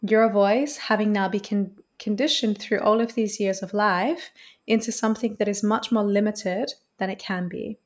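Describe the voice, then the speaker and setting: An earnest woman talks at length as an interview guest, in a voice of middling pitch. She builds her points through repeated phrases and a steady, flowing delivery. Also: normal speed. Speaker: voice coach guest. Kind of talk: reflective interview answer.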